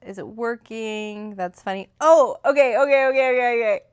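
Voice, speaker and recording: A woman's voice: a little high, moderate pace, clear, resonant tone. Chatty young woman rambling about a book. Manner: rambling, animated retelling with many fillers. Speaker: book reviewer. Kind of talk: casual book review chat. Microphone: phone.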